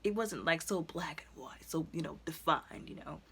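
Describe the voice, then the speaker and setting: A woman retells and reviews episodes in an energetic, rambling way, with plenty of fillers between her thoughts. Her voice sits on the low side with a breathy, husky edge. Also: normal speed. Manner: chatty, many fillers, energetic storytelling. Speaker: video reviewer.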